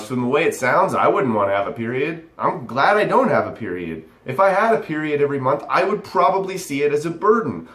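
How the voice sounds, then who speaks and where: Swearing often and rambling, a young vlogger sarcastically tears into a text as he reads it aloud. His medium-pitched voice is a bit bright, and the recording has an echoey room sound.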